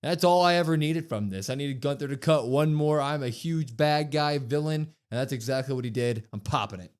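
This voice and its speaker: A man with a voice on the high side talks a little fast in a clean tone as he co-hosts a podcast. He casually recaps a wrestling show, animated throughout, and reads out quotes with emphasis.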